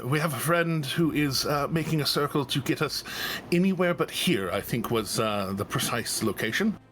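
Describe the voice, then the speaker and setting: A man's voice: on the high side, animated, normal speed, fairly bright tone, slight background noise. Profane, rambling male game master. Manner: rambling, profane, laughing asides. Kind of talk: narrating a tabletop game. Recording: faint background music.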